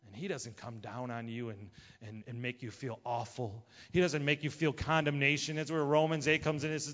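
A man, a pastor preaching a sermon, impassioned and swinging between loud and hushed. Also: medium pitch, flat delivery, moderate pace, few pauses. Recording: dull lo-fi sound with long hall reverb.

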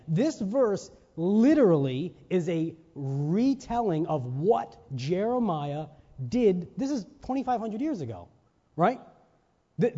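High-voiced preacher in a reverberant hall. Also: male voice, mellow. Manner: rhetorical questions and checks with listeners; emphatic, stressing single words. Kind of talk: sermon. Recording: reverberant hall, dull lo-fi sound.

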